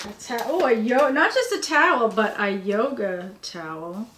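A woman's voice: a little high, lively intonation, measured pace, fairly bright tone, a little hiss or hum. A tired woman rambling and gushing as she unboxes cute merchandise at her home workspace. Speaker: vlogger. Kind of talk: casual unboxing chat. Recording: echoey room with faint ambience.

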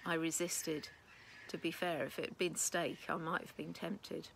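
A woman reading a children's storybook aloud with expressive first-person narration. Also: deep voice, a little slow, creaky, slight background noise, rough recording. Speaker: children's book reader.

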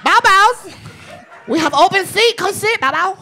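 Man doing a very high, bouncy card dealer, giddy, broken English. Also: animated, moderate pace, gravelly, sharp tone, full character voice. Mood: excited. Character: excitable chatty male casino card dealer.

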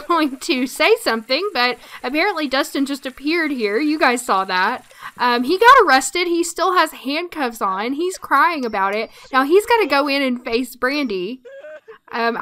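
A woman casually commenting on her life-simulation gameplay, chatty and quick to laugh. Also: high-pitched, pushed and bright. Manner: chatty, laughs often, frequent ums. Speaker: let's play narrator.

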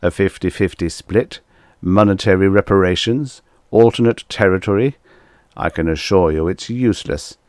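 A man's voice: low voice, normal speed, a little mellow, dry recording, studio quality, lightly acted. A man doing a bellowing, boastful alien warlord. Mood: bullying. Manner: hooting, blustering, bellowing. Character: boastful warlike alien male ruler.

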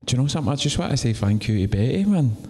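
A man's voice: mid-range voice, very animated, very fast, warm tone. A man hosting a live podcast on a theatre stage, mostly chipping in with brief affirmations. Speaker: podcast host. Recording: roomy theatre hall with faint background noise.

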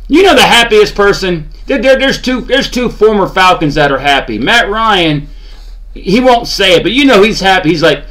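A man's voice: high-pitched, sing-song, normal speed, fairly bright tone. A man ranting about his team's loss, exasperated and sarcastic, groaning and mocking. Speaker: sports channel host. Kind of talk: ranting fan commentary.

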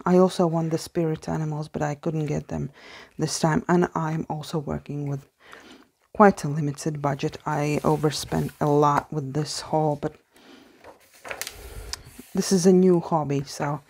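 A woman with a deep, creaky, breathy voice, speaking English as a second language, softly chats through a casual book haul vlog. Hesitant, with fillers and restarts, she often drops into a hushed whisper of awe and delight.

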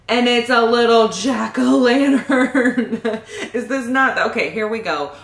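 A woman's voice: medium pitch, a bit bright, roomy sound. A pregnant woman, gushing and laughing as she opens baby gifts in a casual vlog. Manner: gushing, giggly, often laughing. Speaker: channel host opening fan gifts.

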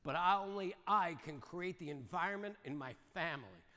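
An older man giving a motivational seminar talk, speaking fast and punchy and keeping the audience engaged with quick questions. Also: sits high, lively intonation, pushed and bright. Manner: fast, punchy, keeps asking the audience "right?" and "yes or no?". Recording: long reverb of a large hall.

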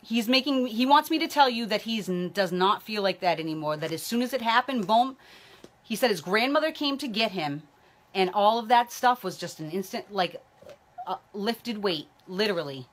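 A woman with a mid-range, animated voice speaks at a normal pace. She's a psychic medium doing live-streamed readings, chatting loosely and calling out viewers by name while a baby tugs at her hair.

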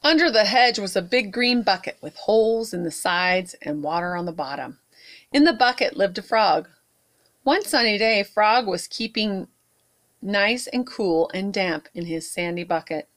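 A woman at a library storytime, reading a picture book aloud to children with expressive asides. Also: medium pitch, measured pace. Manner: warm, expressive read-aloud with asides to kids.

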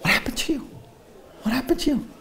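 A man voicing an old, anguished Jewish father who pleads and repeats himself in a high, strained voice. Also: wildly swooping pitch, normal speed, vocal fry, exaggerated voice. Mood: distraught.

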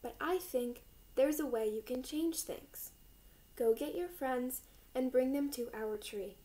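A woman reading as a gentle mother raccoon. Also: high voice, a little slow, poor audio. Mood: soothing. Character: kind loving mother raccoon.

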